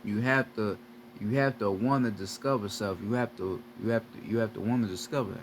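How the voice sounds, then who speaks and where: A man's voice: on the low side, fairly quick, slight background noise. A man giving a profane, repetitive spiritual lecture straight to his viewers as a video creator. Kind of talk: preachy lecture to camera.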